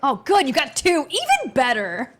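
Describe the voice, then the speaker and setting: A woman's voice: sits high, wildly swooping pitch, moderate pace, a bit bright. A woman co-casting a live esports broadcast, talking through the standings in a conversational, playful way. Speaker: esports caster.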